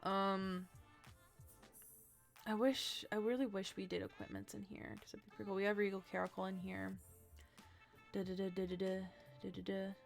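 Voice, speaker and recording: A woman streamer talks through her deck-building in a relaxed, chatty way, tired and yawning as she goes. Her voice has a gravelly, fry-heavy edge. Soft music and keyboard clicks sit faintly behind her. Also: mid-range voice, normal speed, pauses often. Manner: chatty, thinks aloud, hums and trails off. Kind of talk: casual livestream chat.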